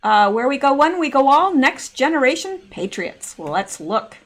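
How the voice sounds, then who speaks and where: A woman's voice: high voice, very animated, normal speed. A middle-aged woman hosting casual video commentary, chatty and full of rambling asides. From Canada. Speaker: channel host.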